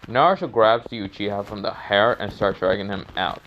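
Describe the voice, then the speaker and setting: A man's voice: on the low side, fairly quick, highs cut off, slight background noise. A man casually narrating a fan-made story, rambling with lots of fillers and self-corrections.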